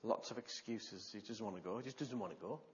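A preacher delivering an animated sermon, retelling stories with gasps and shifts in loudness. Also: male voice, fairly low pitch, quick pace, highs cut off.

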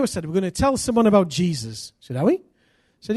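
Lively self-mocking male preacher. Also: high-pitched, fairly quick, creaky, breathy edge, no echo, clean studio sound. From England. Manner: energetic, anecdotal, self-deprecating humour; bursts of loud emphasis. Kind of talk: sermon with personal stories.

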